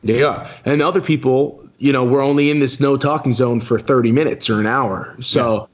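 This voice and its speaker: A man, a podcast guest, telling a race story in a casual, animated way that climbs high when he recalls being angry. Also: moderate pace, dull audio. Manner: animated, rises sharply when recounting anger.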